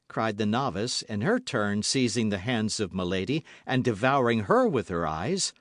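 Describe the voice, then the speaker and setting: A man narrating a classic novel in a measured, expressive audiobook reading. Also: lowish voice, no echo, studio quality.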